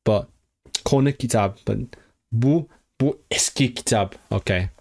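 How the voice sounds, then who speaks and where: A man with a mid-range, gravelly, slightly dark voice speaks a little slowly. He's a language learner on a casual self-study livestream, thinking out loud and repeating foreign words to practice them.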